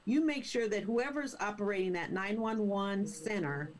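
A woman's voice: medium pitch, moderate pace, low-quality recording. Indignant woman in casual discussion. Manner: indignant, animated storytelling with mocking quoted voices.

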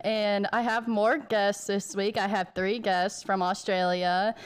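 A woman's voice: medium pitch, flat delivery, takes it slowly, smooth. A woman with a Southern American accent hosting a podcast, chatty and rambling in casual talk, laughing often. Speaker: podcast host.

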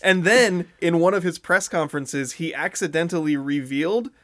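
Wry podcast co-host, man, a touch high-pitched, dry close mic. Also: normal speed, a bit bright, dry recording. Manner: wry, storytelling with laughs. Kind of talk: casual sports talk.

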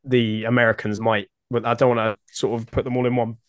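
A man's voice: mid-range voice, level tone, brisk, clean tone, no echo, studio quality. A man guesting on a podcast, talking casually and repeating words as he gathers his thoughts. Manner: hesitant, repeats words as he thinks. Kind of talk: casual chat.

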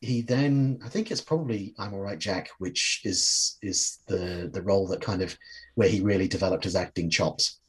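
Man, low husky voice, casual film chat, hesitant restarts. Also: moderate pace. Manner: conversational, hesitant restarts, trailing thoughts.

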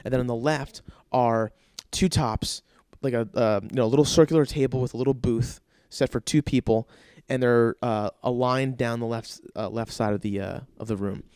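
A man casually telling an anecdote with lots of swearing, fillers and animated energy. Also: mid-range voice, normal speed, smooth, dry recording, clean studio sound. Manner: animated, profanity-laced storytelling with frequent fillers.

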